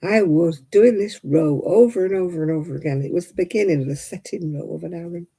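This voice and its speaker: A woman's voice: fairly low pitch, brisk, warm tone, breathy edge. A middle-aged woman chatting at home while she crochets, poking fun at herself and laughing often. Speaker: crafting vlogger. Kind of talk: casual chat while crocheting.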